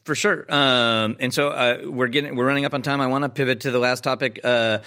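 A man's voice: medium pitch, fairly even intonation, brisk, bright, forceful tone. A man hosting a podcast, asking questions in a joking, rambling way with many fillers. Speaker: podcast host. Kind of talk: conversational podcast interview.

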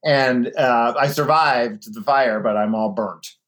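A man being interviewed in a casual chat, an animated storyteller who slips into other people's voices now and then. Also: medium pitch, slow pace. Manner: chatty, animated storyteller, mimics voices in anecdotes. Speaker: guest, drag performer.

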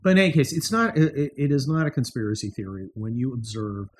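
A middle-aged man talks through his podcast from a room at home, wry and sarcastic, slipping into mocking asides. His voice sits at an ordinary pitch, and a faint hiss of room noise runs underneath. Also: big pitch swings, brisk. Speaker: podcast host. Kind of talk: casual political monologue.

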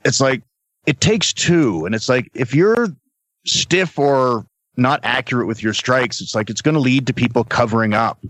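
A middle-aged man, a guest on a podcast, telling stories from his career in a casual, animated way. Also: medium pitch, normal speed, no room sound, rough recording. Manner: animated storyteller, acts out quotes. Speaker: podcast guest, former wrestler. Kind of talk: casual storytelling. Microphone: podcast mic.

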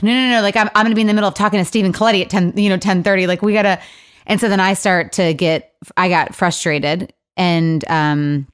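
A woman's voice: lowish voice, smooth. A woman hosting a podcast in casual chat, rambling and restarting her sentences as she tells a story. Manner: rambling, self-interrupting, laughs often. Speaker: podcast host.

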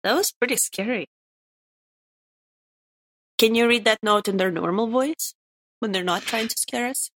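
A woman's voice: fairly high pitch, measured pace, pauses often, a bit bright, rough recording. A woman co-hosting a casual game lore podcast, playfully quizzing her partner. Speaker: podcast co-host.

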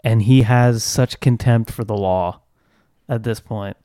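A man's voice: on the low side, unhurried, mellow, no room sound, clean studio sound. A man co-hosting a podcast, commenting on clips in a casual, conversational way. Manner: conversational, hesitant restarts. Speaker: podcast co-host.

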